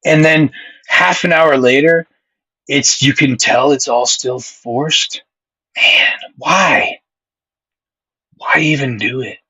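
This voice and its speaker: A man chats live with his stream audience, rambling from point to point and reading their comments aloud. His voice has a sharp, bright edge, and he swears freely. He sounds close and dry, with no room behind him. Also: mid-range voice, takes it slowly, long pauses, husky, no echo, poor audio. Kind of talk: casual live-stream chat.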